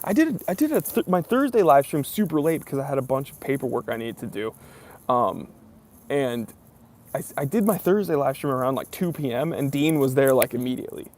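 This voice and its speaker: A man's voice: medium pitch, animated, fairly quick, a little mellow, slight background noise. A young man hosting a casual live stream Q&A, reading viewer comments aloud and chatting with lots of fillers. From near New York.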